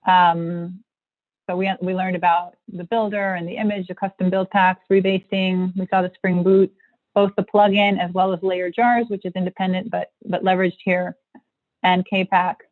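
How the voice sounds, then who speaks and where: A woman's voice: fairly low pitch, little pitch movement, normal speed, no room sound. Woman giving a tech talk over a call, lots of ums and restarts, tinny phone-like sound. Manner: rambling, many fillers and restarts. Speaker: guest presenter. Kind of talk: technical livestream presentation. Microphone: video call.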